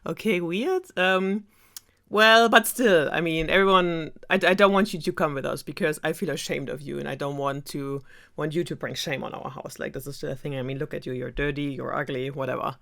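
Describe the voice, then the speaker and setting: A woman's voice: low-pitched, moderate pace, vocal fry, fairly bright tone. A young woman with a German accent voicing a haughty, scornful stepmother in a fairytale retelling. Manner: dismissive, sneering.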